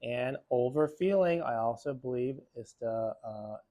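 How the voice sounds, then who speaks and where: A man working as a therapist, talking casually and reflectively to the camera in an unhurried way, with frequent fillers. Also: medium pitch, warm tone.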